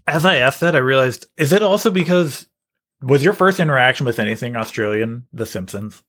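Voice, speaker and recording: A man's voice: mid-range voice, expressive, brisk, fairly bright tone. A man co-hosting a comedy podcast, musing aloud in casual chat. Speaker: podcast co-host.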